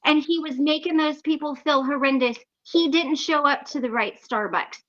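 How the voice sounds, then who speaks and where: A woman hosting a casual online recovery meeting, telling a lively story and acting out the people in it, heard over a video call. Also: sits high, normal speed, lo-fi sound. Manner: animated, acts out the people in her stories.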